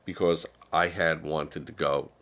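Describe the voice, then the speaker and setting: Older man, deep gravelly voice, slow rambling sarcastic stream commentary, sounds unwell. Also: level tone, fairly bright tone. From United States. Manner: rambling, sarcastic, many fillers. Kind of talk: casual political commentary.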